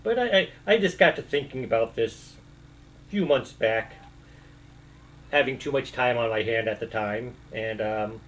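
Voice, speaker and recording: Rambling, hesitant man, mid-pitched. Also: normal speed, fairly bright tone, a little hiss or hum, rough recording. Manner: rambling, hesitant, many fillers and restarts; breaks into short bits of song. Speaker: video host. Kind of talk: casual rambling monologue.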